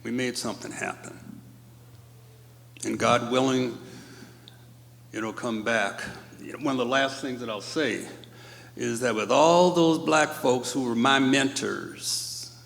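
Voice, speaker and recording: Older guy choked up telling his neighborhood story, slow and gravelly, big echoey hall. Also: medium pitch, fairly bright tone. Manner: emotional, choked up, slow and halting. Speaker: panelist at a live storytelling event. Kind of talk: personal storytelling on stage. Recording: reverberant hall.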